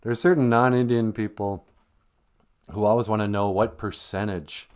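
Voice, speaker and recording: A man's voice: on the low side, normal speed, clean tone. A man hosting a casual livestream who rambles, chuckles and reads out viewer comments between tangents. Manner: rambling, chuckling, animated asides. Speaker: livestream host.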